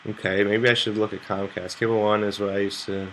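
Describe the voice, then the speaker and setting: Young male streamer, lowish voice with a bright bite, loose rambling chat. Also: level tone, fairly quick, a little hiss or hum. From United States. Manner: rambling, loose and chatty, swears freely. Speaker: poker streamer. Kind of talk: casual live-stream chat to viewers.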